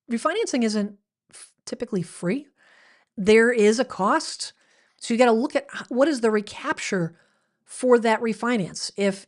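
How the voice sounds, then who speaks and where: A woman hosting her weekly livestream, talking casually and rambling a little as she answers viewers' comments. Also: on the high side. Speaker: livestream host.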